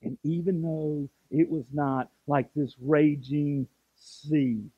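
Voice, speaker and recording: Man, 40s, pastor preaching, high voice, dry close sound. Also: takes it slowly, husky, no echo, lo-fi sound. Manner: animated storytelling preaching with emphatic rises and repeated restarts. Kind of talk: sermon.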